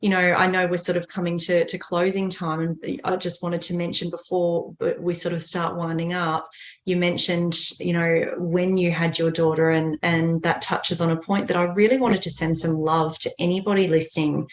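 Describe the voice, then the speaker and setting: Podcast co-host: Australian woman, 30s, effusive and encouraging, lower pitch, roomy echo. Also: little pitch movement, moderate pace. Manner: effusive, gushing with praise. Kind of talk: casual chat. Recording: echoey room.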